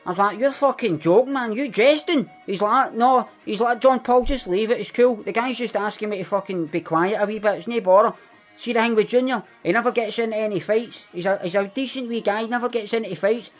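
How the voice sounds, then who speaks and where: A man playing a boastful, violent young Glasgow man in a comedic character monologue, telling a rambling story with a Glaswegian accent and heavy swearing. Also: high-pitched.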